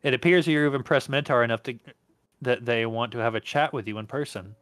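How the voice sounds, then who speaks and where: A man's voice: mid-range voice, a little fast, fairly bright tone, dry recording. A man hosting and reading aloud an interactive story game, casual, stumbling over words and laughing along.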